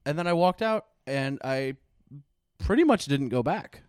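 A young man telling a personal story in casual chat, animated and profane, acting out the people he quotes. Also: a little high, a little slow, clean tone, no room sound, studio quality. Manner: animated, swearing, acts out quoted voices.

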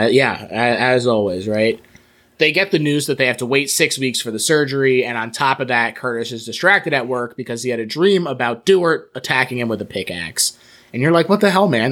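A man's voice: mid-range voice, fairly bright tone. Man casually recapping a film. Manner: recaps plot, acts out quotes with mock voices. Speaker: podcast co-host.

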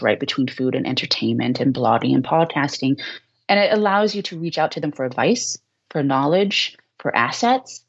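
A woman with a Boston accent, a podcast guest giving measured, encouraging advice. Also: low voice, highs cut off. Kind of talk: podcast interview.

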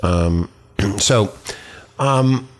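A man's voice: on the low side, animated, extremely slow, a little hiss or hum. A man hosting a crude, casual talk radio show, rambling with lots of fillers and restarts.

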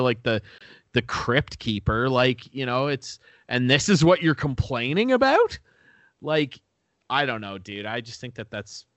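A man's voice: medium pitch, fairly bright tone, dry recording. A man in casual podcast chat, ranting with constant swearing and frequent laughs. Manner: profane, ranting, laughs often.

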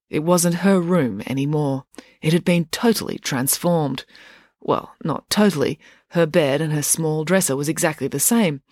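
Lively, expressive audiobook narrator. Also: mid-range voice, no echo, studio quality.

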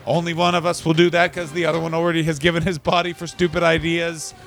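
A man's voice: fairly high pitch, monotone, fast, gravelly, a bit bright, soft background music. A man co-hosting a comedy podcast, talking in crude, sarcastic banter full of swearing. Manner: profane, sarcastic, mocking impressions. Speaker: podcast co-host.

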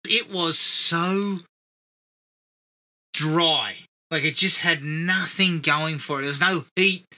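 A man's voice: on the high side, slow pace, sharp tone. A man co-hosting a casual film review podcast, swearing and laughing often.

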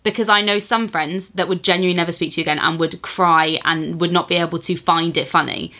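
A woman's voice: lowish voice, steady tone, fast, bright, forceful tone. Giggly woman reading a story aloud. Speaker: podcast co-host. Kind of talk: casual chat and reading a listener's story aloud.

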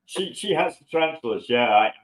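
A man co-hosting a podcast, an animated storyteller who pokes fun at himself in casual chat. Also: normal speed, poor audio. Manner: animated storyteller, self-mocking, jumps up in pitch on punchlines. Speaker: podcast co-host.

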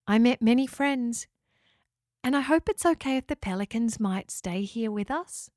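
A woman voicing a gentle, loving talking house in a children's storybook, speaking softly and slowly. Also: fairly high pitch, expressive, dry recording, studio quality, pitched above the performer's own voice, lightly acted. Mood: earnest.

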